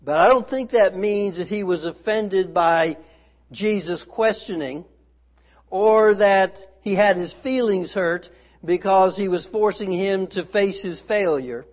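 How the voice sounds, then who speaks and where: Male preacher, high voice, slow deliberate sermon delivery, emphatic, muffled lo-fi recording. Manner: earnest, emphatic, dramatizing quoted dialogue. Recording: slightly dull, lo-fi sound.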